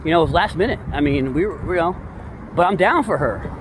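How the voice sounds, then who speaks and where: A man in casual, rambling commentary, excitable and slangy, full of digressions. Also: fairly high pitch, fast talker, noisy background. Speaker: true-crime commentator.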